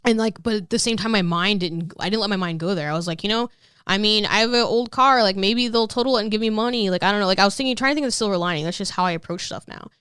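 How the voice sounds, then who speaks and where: Woman in her 30s, comedian podcast guest, dry close sound, quick swearing chatter. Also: mid-range voice, a bit bright, smooth, no room sound. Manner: rambling, candid, peppered with "like" and swearing. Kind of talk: casual podcast interview.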